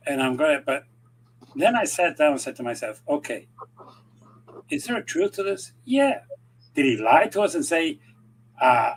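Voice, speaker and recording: A man giving rambling, animated political commentary in casual chat, acting out quoted conversations as he goes. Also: on the high side, normal speed, pauses often, low-quality recording. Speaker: regular commentator.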